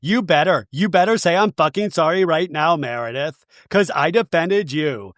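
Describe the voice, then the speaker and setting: A man's voice: on the high side, a bit bright, dry recording, studio quality, close to an everyday voice. Man doing a defensive, swearing reality star woman. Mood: indignant. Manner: indignant, profane, drawn-out.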